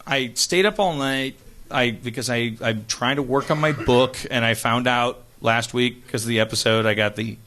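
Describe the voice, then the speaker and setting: A man's voice: mid-range voice, flat delivery, normal speed, few pauses, pushed and bright, a little hiss or hum. A slightly tipsy man hosting a live comedy podcast, rambling and restarting mid-thought. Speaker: podcast host.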